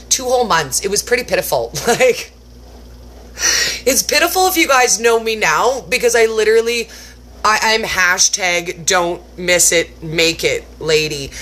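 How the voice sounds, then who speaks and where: A woman cooking vlogger chatting casually to camera, animated and self-mocking, acting out her own past reactions in exaggerated voices. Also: fairly low pitch, a little hiss or hum.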